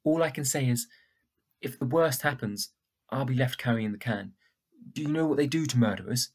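A man voicing a frightened young boy in a storybook reading, husky and pleading. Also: mid-range voice, normal speed, close to an everyday voice. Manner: pleading, defensive.

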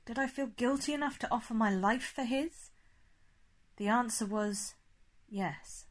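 A woman's voice: a little high, measured pace. Woman narrating a story. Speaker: audiobook narrator. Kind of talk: scripted narration.

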